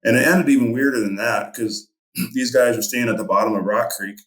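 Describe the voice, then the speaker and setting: A man's voice: medium pitch, a little fast, a bit bright, echoey room. A middle-aged man and fishing guide, telling a story casually in a rambling way with many fillers. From Montana.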